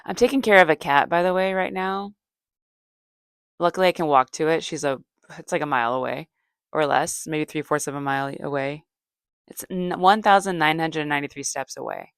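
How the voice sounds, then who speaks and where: A middle-aged woman with a low voice, chatting on her own in a meandering way and filling her pauses with ums and side comments. The sound is close and dry, with no room echo. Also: clean tone. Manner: meandering, chatty, many fillers and asides. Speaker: comedian and podcast host. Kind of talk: rambling solo comedy chat.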